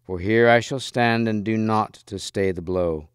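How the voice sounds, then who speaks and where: A brave young knight speaking with earnest resolve, as a man reading a storybook aloud plays him. The voice is lowish, smooth and clear, recorded close and dry. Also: a little slow, dry recording, close to an everyday voice. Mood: resolute.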